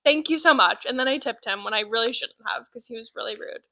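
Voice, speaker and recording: Nineteen-year-old podcast co-host, high-ish bright voice, animated storyteller. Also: female voice, fast talker, dry recording, rough recording. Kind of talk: casual chat, storytelling.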